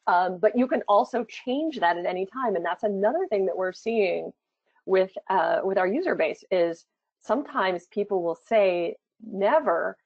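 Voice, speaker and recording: A woman's voice: expressive, moderate pace, no room sound. A woman presenting a live product demo, talking it through casually with fillers as she goes. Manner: chatty, thinking aloud with fillers. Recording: dull low-fidelity sound.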